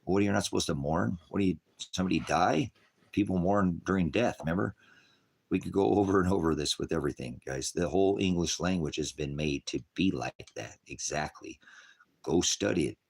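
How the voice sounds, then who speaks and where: Low-voiced male street-style preacher, rambling, chuckling, sarcastic. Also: fairly quick, creaky, breathy edge. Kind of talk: casual livestream preaching.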